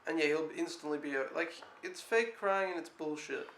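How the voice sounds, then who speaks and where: Bright, blunt young man in a roomy echo. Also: fairly high pitch, moderate pace, gravelly, a little hiss or hum. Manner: blunt, exasperated, swears freely. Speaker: au pair vlogger. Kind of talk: casual recap vlog. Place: indoor room in a home.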